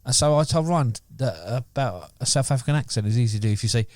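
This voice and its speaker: Man co-host, casual rambling chat, mid pitch, dry close sound. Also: fast, darkish tone, no echo. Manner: rambling, many fillers and restarts. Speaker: podcast co-host.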